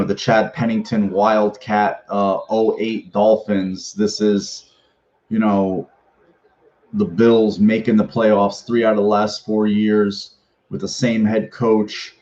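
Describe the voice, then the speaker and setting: A man with a fairly low, darkish voice hosts a fan sports podcast, heard through dull audio. He rambles casually, swears freely, and constantly restarts sentences amid plenty of fillers.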